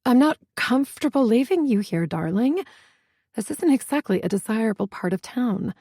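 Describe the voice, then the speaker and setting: Woman doing a breathy, snooty society mother; disdainful, pitched up high. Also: animated, moderate pace, warm tone, no echo, clean studio sound. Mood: uneasy. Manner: prim and disdainful. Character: breathy, fussy, wealthy middle-aged mother.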